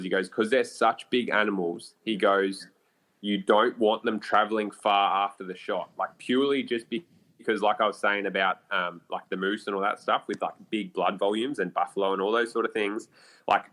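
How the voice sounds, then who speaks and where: On a podcast, an Australian man with a fairly low voice tells a bowhunting story. He keeps it lively and relaxed, cursing freely and using lots of fillers.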